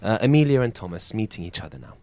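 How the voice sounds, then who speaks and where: A man's voice: on the low side, big pitch swings, quick pace, a little mellow. A man hosting and setting up an improvised comedy sketch, with hesitant, filler-filled speech. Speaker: host.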